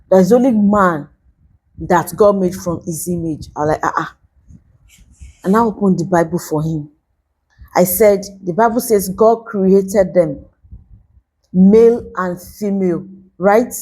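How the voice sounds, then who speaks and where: A woman's voice: medium pitch, dark tone, breathy edge. A young Nigerian woman from Nigeria, earnestly preaching to camera in a casual way and repeating points for emphasis. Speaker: vlogger.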